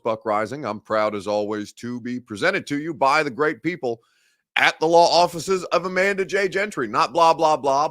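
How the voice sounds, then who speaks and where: A man's voice: a little high, a bit bright, no room sound, clean studio sound. Chatty male sports show host. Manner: conversational, chatty, reads live comments aloud with wry humor. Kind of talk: live-streamed sports talk show. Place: sports studio.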